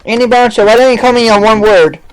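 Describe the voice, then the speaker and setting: A man's voice: sits high, fast, clean tone, rough recording. A male podcast host ranting in a mocking, sarcastic way, over and over asking "seriously". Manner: sarcastic, keeps saying "seriously".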